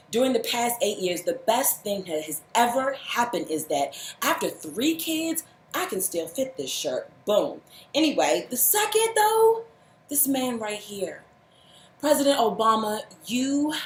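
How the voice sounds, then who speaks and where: Woman, direct-to-camera vlog, heartfelt and fiery, mid-range pitch, echoing room. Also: slight background noise. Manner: earnest, heartfelt, holding back tears; scolding, fired up. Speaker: vlogger. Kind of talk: emotional direct-to-camera address. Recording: roomy echo.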